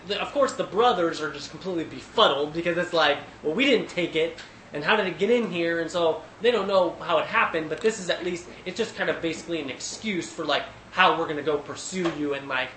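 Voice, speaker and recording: A man leading a casual Bible study who thinks aloud with fillers and restarts, getting animated when he retells scenes. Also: on the high side, roomy sound, a little hiss or hum, rough recording.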